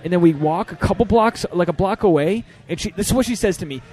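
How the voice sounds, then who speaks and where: Brief: young male comic host, slightly high voice, lively profane storyteller. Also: quick pace. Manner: animated, profane, acts out quotes. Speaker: podcast host and stand-up comedian. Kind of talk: casual storytelling chat.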